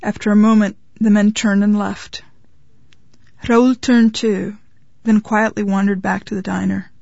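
A woman narrating a short story in an even, measured reading voice. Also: mid-range voice, creaky, no echo. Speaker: reader. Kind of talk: scripted narration of short fiction. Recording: slightly muffled, dry.

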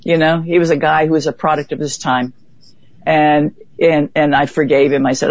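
A woman being interviewed, telling a vivid story in a lively way and acting out what others said. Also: sits low, normal speed, no room sound. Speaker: interview guest. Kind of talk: conversational storytelling. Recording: dull, dry lo-fi recording.

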